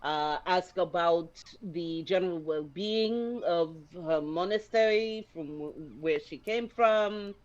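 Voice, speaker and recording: Tabletop player, slow and filler-heavy, dull lo-fi mic. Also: mid-range voice. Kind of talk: casual tabletop game talk.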